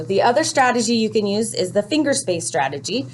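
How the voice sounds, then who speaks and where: A woman explaining a first grade reading lesson to parents, speaking clearly and patiently, step by step. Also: medium pitch, lively intonation, a little fast, slight background noise.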